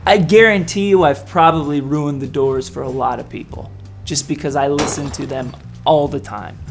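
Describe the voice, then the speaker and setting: A man's voice: a little high, normal speed, creaky, soft background music. A man, a band frontman, answering interview questions casually and in a playful, self-mocking way.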